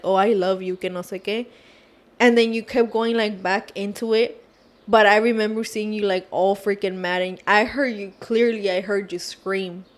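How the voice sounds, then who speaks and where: A woman guest on a podcast, retelling a story in an animated casual way, mixing in Spanish phrases. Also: medium pitch.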